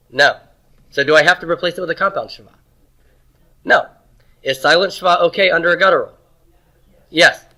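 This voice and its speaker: A man teaching a Hebrew grammar lesson, asking questions and answering them himself, and sounding out words slowly. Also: a little high, bright, forceful tone. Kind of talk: classroom lecture.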